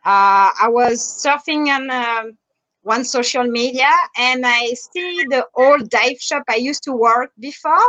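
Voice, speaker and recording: French-accented woman, fairly high voice. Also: measured pace, a bit bright, highs cut off. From France. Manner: hesitant, many fillers. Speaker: dive instructor and resort manager. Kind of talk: online interview.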